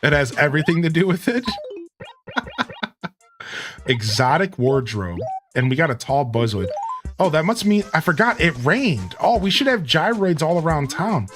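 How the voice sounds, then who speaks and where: Guy streaming an old game, chatty and jokey, pitch jumping all over. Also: sing-song, unhurried, music in the background. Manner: laid-back and joking, chatting with viewers. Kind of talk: casual gameplay commentary.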